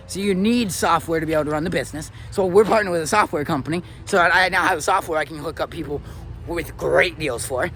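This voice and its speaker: A young man from Arizona in his twenties tells his life story as a motivational speaker, animated and swearing freely. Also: sits high, quick pace, soft background music. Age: 20s. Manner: animated and swearing, rising to excited peaks. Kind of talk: personal story monologue.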